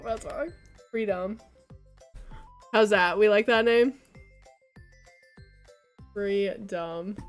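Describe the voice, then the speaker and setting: A woman's voice: on the high side, fairly bright tone. A young woman streaming a game, chatting casually with her chat and laughing often. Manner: chatty, giggly, talking to chat.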